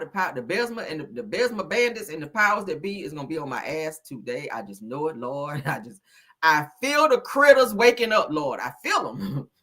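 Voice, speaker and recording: Woman livestreamer, lively swooping pitch, husky, loud laughter, casual profane chat. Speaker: livestream host.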